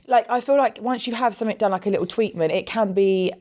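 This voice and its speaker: A woman, co-hosting a casual podcast as a cosmetic practitioner. She tells stories with lively acted-out quotes and frequent laughter. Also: medium pitch, fast. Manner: animated storyteller, acts out quoted voices, laughs often. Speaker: podcast co-host, aesthetics practitioner. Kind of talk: casual chat.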